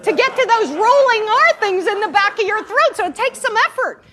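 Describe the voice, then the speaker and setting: Lively high-voiced woman spiritual teacher. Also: fairly quick, over a noisy crowd. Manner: animated storytelling, playful, keeps asking "right?". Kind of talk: inspirational talk to a live audience. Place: room with an audience.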